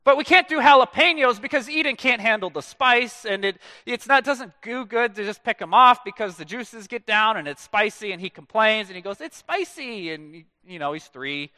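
A man in his thirties preaching a sermon in a church, telling stories in a lively way and letting phrase ends fall away soft and low. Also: moderate pace, hardly any pauses, dry recording. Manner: animated storytelling with dramatic soft drops at phrase ends. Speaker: pastor.

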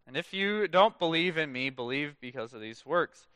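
Pastor guy in his 30s preaching, high bright voice, dry close sound, trails off soft at line ends. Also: normal speed, clean tone, dry recording. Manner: animated storytelling with dramatic soft drops at phrase ends. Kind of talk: sermon. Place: church.

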